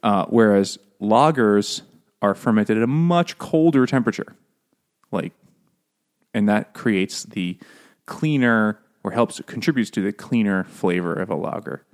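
A man's voice: fairly low pitch, unhurried. A man co-hosting a podcast in casual chat, jokey and laughing often, explaining things at length. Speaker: podcast co-host.

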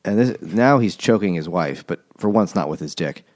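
A man co-hosting a comedy book podcast, retelling the plot with crude jokes and quick put-on character voices. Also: deep voice, animated, a little mellow. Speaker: podcast co-host. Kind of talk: casual comedic book discussion.

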